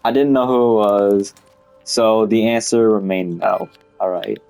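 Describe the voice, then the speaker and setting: Young guy vlogging, rambly and sweary, says like a lot, lowish voice. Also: moderate pace, darkish tone, smooth, soft background music. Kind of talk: casual storytelling monologue.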